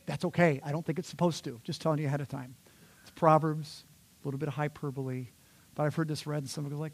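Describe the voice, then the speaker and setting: A male pastor preaching a sermon, conversational and animated, talking straight to the congregation and slipping into playful voices. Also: a little high, quick pace. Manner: conversational, addresses the congregation directly.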